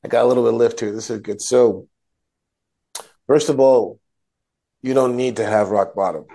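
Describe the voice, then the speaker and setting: A man's voice: mid-range voice, normal speed, warm tone. A man co-hosting a casual religious discussion, retelling scripture in a rambling way and correcting himself as he goes. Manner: rambling, self-correcting storyteller. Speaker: podcast co-host.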